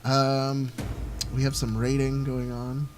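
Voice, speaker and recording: A man's voice: mid-range voice, completely flat delivery, slow, a little hiss or hum. Rambling man narrating a strategy game. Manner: rambling, thinking aloud with many fillers. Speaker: let's play host. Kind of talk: casual gameplay commentary.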